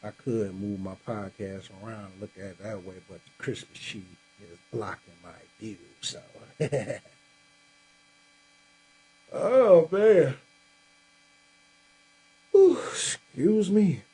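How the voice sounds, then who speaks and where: A man's voice: fairly low pitch, lively intonation, slow, pauses often, dark tone, breathy edge, rough recording. A man hosting a live podcast from home, chatting casually with viewers and sounding tired after a long day. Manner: laid-back, talks straight to viewers, says y'all. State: tired, yawning. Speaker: podcast host. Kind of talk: casual live-stream chat. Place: home room with a Christmas tree.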